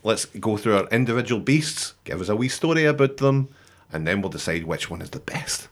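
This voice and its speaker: A man's voice: lowish voice, animated, brisk. A man hosting a comedy show, bantering crudely and laughing. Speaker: podcast host running the segment. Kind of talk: casual comedy chat.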